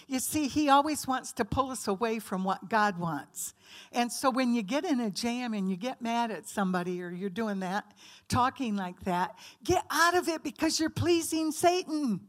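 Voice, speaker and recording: A woman's voice: a little high, lively intonation, normal speed. A woman giving a conversational teaching sermon to a women's group, asking the audience questions and acting out quoted voices. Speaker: women's ministry speaker.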